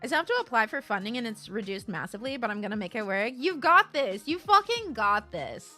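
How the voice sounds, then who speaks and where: A woman streamer talks casually to her viewers through a streaming mic. Her voice is bright and sharp, and her pitch swings widely as she rants bluntly and swears without a filter. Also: a little fast, faint music behind. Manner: animated and blunt, swears freely. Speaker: live streamer. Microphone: streaming microphone.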